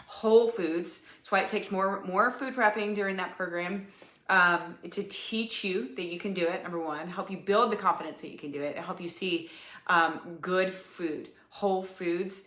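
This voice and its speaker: Casual fitness-podcast host, woman, lowish voice, chatty and repetitive, echoey room. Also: fairly bright tone. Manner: chatty, repetitive, many ums and "you guys". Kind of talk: casual coaching talk to listeners.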